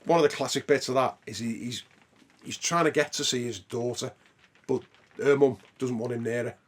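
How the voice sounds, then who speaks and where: A man of medium pitch and moderate pace chats casually as a podcast co-host. Cursing freely, he gleefully acts out film scenes in loud, exaggerated voices.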